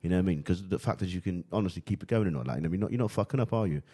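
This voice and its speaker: A man's voice: deep voice, racing, mellow, a little hiss or hum. A young man hosting a casual podcast, rambling and swearing, always adding "you know what I mean". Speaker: podcast host.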